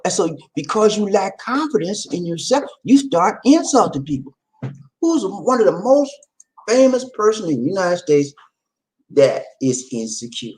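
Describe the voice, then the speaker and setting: Guy chatting live about relationships, really animated, voice swings all over, keeps calling out to the viewers. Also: high voice, moderate pace, low-quality recording. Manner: animated, repeats phrases, calls out to viewers. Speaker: relationship talk host. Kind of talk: casual live-stream talk.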